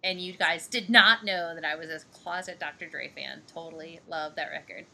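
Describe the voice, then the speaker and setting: A woman's voice: sits low, normal speed, creaky, bright, forceful tone, slight background noise. A woman from Missouri in her thirties, co-hosting a podcast in casual chat, giggly and rambling with fillers. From Missouri, USA. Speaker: podcast co-host.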